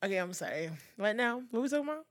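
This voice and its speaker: A woman co-hosting a casual chat podcast, animated, rambling and heavy on profanity. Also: a little high, very fast, dry recording, studio quality. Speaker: podcast co-host.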